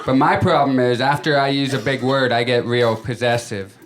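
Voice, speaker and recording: On a comedy stage before a live audience, a stand-up comedian with a medium-pitched voice performs his set at a normal speed. He tells stories conversationally and acts out the quotes, and the crowd's laughter is audible in the recording.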